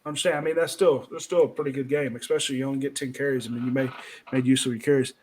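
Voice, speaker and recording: A man's voice: mid-range voice, steady tone, very fast, a little mellow, breathy edge. A man hosting a casual sports chat, loose and rambling, stumbling over names. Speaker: podcast host.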